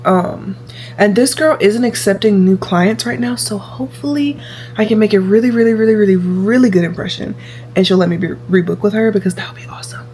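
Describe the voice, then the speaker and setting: A woman's voice: mid-range voice, brisk, slight background noise. Chatty young woman vlogging. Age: 20s. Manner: chatty, repeats herself, animated. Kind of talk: casual vlog chat.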